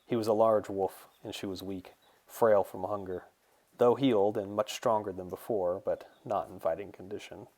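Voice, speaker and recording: A man, the author, reading his fantasy novel in a steady, measured storytelling voice. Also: on the low side. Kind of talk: audiobook narration.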